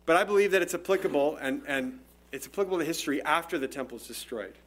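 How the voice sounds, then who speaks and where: A man's voice: fairly high pitch, fast, fairly bright tone. Man preaching a conversational sermon. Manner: conversational, explanatory, with frequent restarts. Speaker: pastor. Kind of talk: expository sermon.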